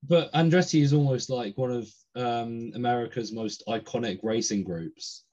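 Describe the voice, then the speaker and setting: A man's voice: mid-range voice, normal speed, dark tone, muffled recording. A man co-hosting a podcast, thinking aloud in a hesitant, casual way. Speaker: podcast co-host. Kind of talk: casual chat.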